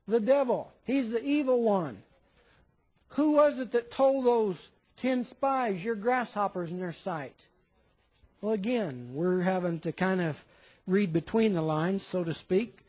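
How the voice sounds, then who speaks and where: A man's voice: sits high, a little mellow, muffled recording. A man preaching a conversational sermon, asking rhetorical questions and reading scripture aloud.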